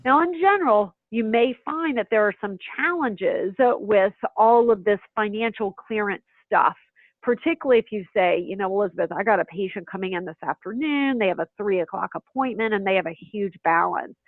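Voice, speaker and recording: A woman giving a webinar presentation on practice management, chatty and lively, acting out little scenes between schedulers and patients. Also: on the high side, no room sound. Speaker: healthcare practice management speaker. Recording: tinny phone-line audio, dry.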